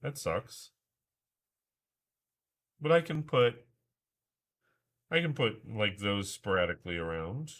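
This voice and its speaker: A man chatting on his livestream, with a bright, forward tone. He talks slowly, muttering to himself and cursing now and then, and his pitch rises and falls a lot. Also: big pitch swings. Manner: muttering to himself, swearing, trying out pronunciations. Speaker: livestream host. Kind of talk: casual livestream chat while building.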